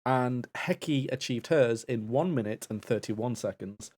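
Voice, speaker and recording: A man's voice: mid-range voice, a little slow, darkish tone. A man co-hosting a charity live stream in casual chat, reading out donations and results. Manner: chatty, reads out donations. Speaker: stream co-host and assistant.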